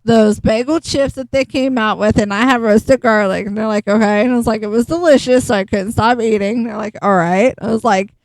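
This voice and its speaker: A woman's voice: fairly high pitch, fairly even intonation, a little fast, hardly any pauses, dry recording, poor audio. A woman hosting a gaming channel, chatting bluntly and casually, acting out both sides of a conversation and swearing freely. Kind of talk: casual storytelling while gaming.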